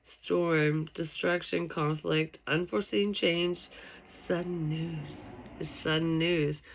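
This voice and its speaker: A woman's voice: deep voice, fairly even intonation, slow. A woman doing a casual, tipsy tarot reading, loose, giggly and swearing freely. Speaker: tarot reader.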